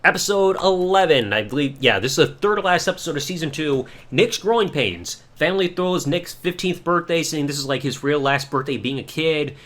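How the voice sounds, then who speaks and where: A man casually recapping TV episodes on his podcast, his slightly high voice swooping all over as he talks. He rambles, swears freely and keeps dropping into quick imitations of the people he describes. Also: animated, a bit bright. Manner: profane, rambling storytelling with quick mimicked voices. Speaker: podcast host.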